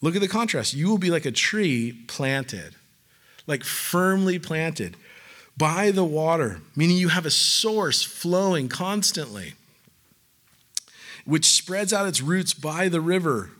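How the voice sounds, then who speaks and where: A man preaching a casual, conversational sermon, animated and loose, with filler words and playful asides. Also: fairly high pitch, slow pace. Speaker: pastor.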